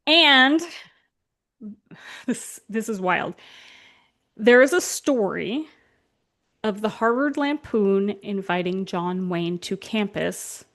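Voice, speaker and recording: A woman hosting a podcast, telling stories in a casual chat full of fillers. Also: medium pitch. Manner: storytelling with fillers and laughs. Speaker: podcast host.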